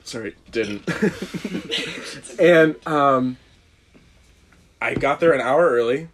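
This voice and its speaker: A man's voice: mid-range voice, lively intonation, very slow, a bit bright, slight background noise. A young man casually telling a rambling, self-deprecating story on a podcast, often laughing. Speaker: guest.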